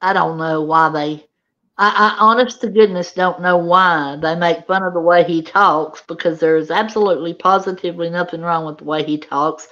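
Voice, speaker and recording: A woman co-hosts a casual online chat in a fairly low voice. She is agreeable and a little hesitant, often restarting her sentences. Her audio comes through dull and lo-fi. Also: steady tone, normal speed, a bit bright. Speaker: co-host.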